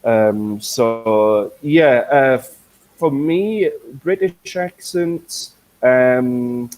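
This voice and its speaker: A man's voice: mid-range voice, extremely slow, a little mellow, poor audio. A man with a Welsh accent, an English teacher chatting through a live online lesson in a hesitant, filler-heavy way. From Wales.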